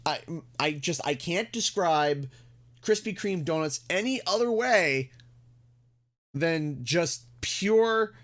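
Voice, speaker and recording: Animated ranting man streaming. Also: fairly high pitch, slow. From Canada. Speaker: gaming livestream host. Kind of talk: casual chat.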